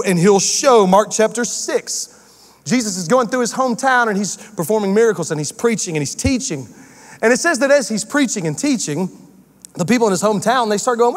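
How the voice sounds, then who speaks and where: A man preaching a sermon as pastor, telling stories with acted-out voices in a lively, animated way. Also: high voice, brisk. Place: church sanctuary. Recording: long hall reverb from a church sanctuary.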